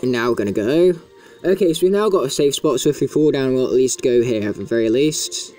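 Guy narrating his gameplay, mellow warm tone, chatty and jokey about his own fails. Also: mid-range voice, animated, fairly quick, soft background music. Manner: chatty and self-mocking, fond of "indeed". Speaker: video game commentator. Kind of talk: casual gameplay commentary.

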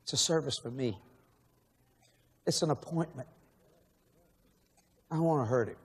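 A man's voice: mid-range voice, normal speed, husky. A man preaching a sermon in a large church, emotional and pleading, asking the same questions again and again. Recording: long echo of a large hall.

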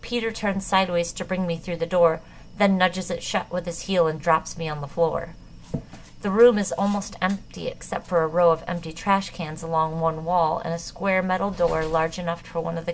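A woman reads a novel aloud in the first person with a low voice full of vocal fry. Her delivery is measured and tense. Faint noise sits under the reading. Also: fairly even intonation, low-quality recording. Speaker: audiobook narrator.

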